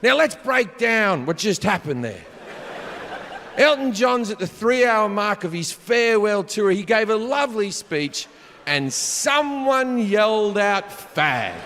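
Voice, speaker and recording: High bright comic on stage. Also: male voice, measured pace, a little hiss or hum. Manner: profane, animated, shouts punchlines. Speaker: stand-up comedian. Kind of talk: stand-up storytelling. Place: large theater stage. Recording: live hall reverb, faint crowd ambience.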